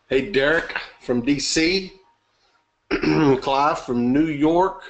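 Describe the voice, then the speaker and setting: A man's voice: fairly high pitch, extremely slow, lo-fi sound. A man hosting a live webinar, chatty and upbeat, greeting attendees by name and joking. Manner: upbeat, chatty, reading names aloud and joking. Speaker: webinar host.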